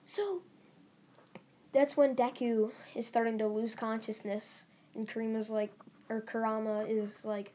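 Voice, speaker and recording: A woman's voice: fairly high pitch, fairly even intonation, unhurried, warm tone, a little hiss or hum. A young woman narrating a fan story in a casual, rambling way, giggling and restarting often. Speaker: channel host.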